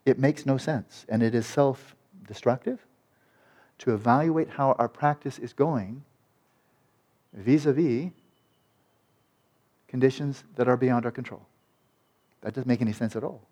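A male meditation teacher gives a dharma talk at a retreat, his mid-range voice gentle, soothing, and unhurried. He pauses often and frequently trails off into soft, repeated words.

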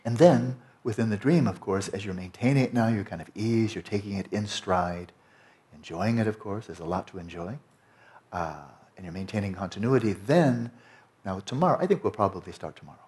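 A man teaching a meditation retreat in a relaxed, conversational way, often checking in with his listeners. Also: lowish voice, brisk. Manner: conversational, frequent "you know" and "right?".

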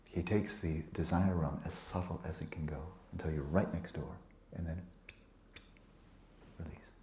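A man teaching meditation to a retreat group, relaxed and playful, often sinking into a soft whisper and teasing students by name. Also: deep voice, moderate pace, slight background noise. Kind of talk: dharma talk to a retreat group. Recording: echoey room with faint ambience.

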